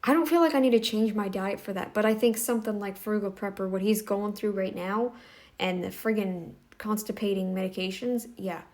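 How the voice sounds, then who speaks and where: A woman talks through her own reaction commentary, casual and unscripted. She sounds blunt and emphatic, scolding as she goes, at an ordinary middle pitch. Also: steady tone, fairly quick, darkish tone.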